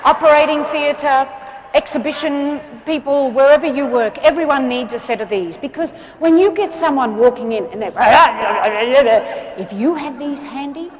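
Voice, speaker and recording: A woman giving a humorous motivational keynote to a live audience, chatty and animated, laughing often and asking the crowd questions. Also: high-pitched, measured pace, big-room sound, poor audio. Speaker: motivational speaker. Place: live event before an audience.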